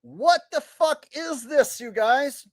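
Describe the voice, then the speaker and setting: A man's voice: very high voice, slow pace, dry recording, clean studio sound. A man ranting in profane, exasperated commentary as a vlogger and impressionist.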